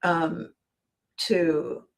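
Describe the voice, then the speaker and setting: A woman's voice: low-pitched, little pitch movement, extremely slow. A woman hosting a live motivational video. She talks earnestly, often repeats a word as she restarts a sentence, and greets viewers by name.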